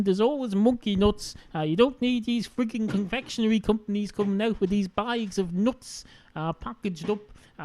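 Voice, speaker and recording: A man's voice: sits high, a little mellow, no room sound. A man with an Irish accent hosting a solo podcast, rambling sardonically with many fillers. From Ireland. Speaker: podcast host.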